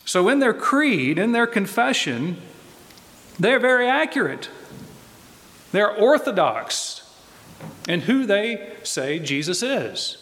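A man preaching a sermon in a slow, deliberate way, pressing his points with emphatic repetition. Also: sits high, big pitch swings, fairly bright tone. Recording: long reverb of a large hall.

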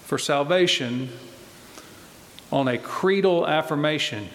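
A man preaching a sermon in a slow, deliberate way, pressing his points with emphatic repetition. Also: fairly high pitch, fairly bright tone, slight background noise. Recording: long reverb of a large hall.

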